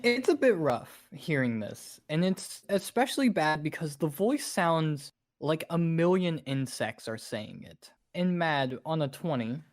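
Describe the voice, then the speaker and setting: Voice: mid-range voice, lively intonation, a little slow, few pauses. A game master narrating a tabletop horror game and asking players for rolls.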